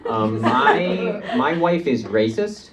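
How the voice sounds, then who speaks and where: A man doing a stand-up set with a deadpan, offbeat cadence. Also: medium pitch, slow pace. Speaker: stand-up comedian. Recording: distant stage mic with loud crowd.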